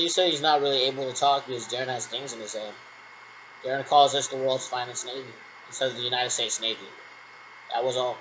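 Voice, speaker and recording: In this poor-quality clip, a man with a mid-range, slightly bright voice rambles through pretend radio checks, playing a vlogger talking to imaginary callers. He keeps saying "actually" over and over, and a faint hiss or hum runs underneath.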